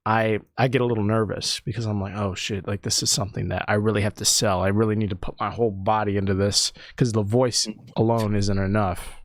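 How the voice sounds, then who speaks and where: A man's voice: fairly low pitch, level tone, a little fast, hardly any pauses, no echo, studio quality. A young man, a comedian hosting a podcast, talking in a rambling, thoughtful way with frequent restarts. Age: young adult. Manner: rambling, self-correcting, thoughtful. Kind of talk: casual podcast chat.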